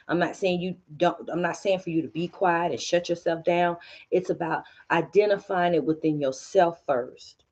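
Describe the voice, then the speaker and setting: A woman hosting a spiritual teaching talk, calmly coaching listeners and acting out their inner dialogue. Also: fairly low pitch, moderate pace, muffled recording. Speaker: host.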